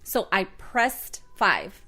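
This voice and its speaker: A woman co-hosting a podcast, telling a story in a casual chat. She talks in an animated way, acting out what people said and swearing freely. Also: medium pitch, drawn-out words. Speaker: podcast co-host.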